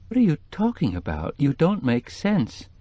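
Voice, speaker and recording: Male reader doing giggly young woman friend, higher voice, audiobook. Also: wildly swooping pitch, moderate pace, dark tone, no room sound, lo-fi sound. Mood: sleepy. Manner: giggly, shrieking with laughter. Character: young chatty female decorator friend.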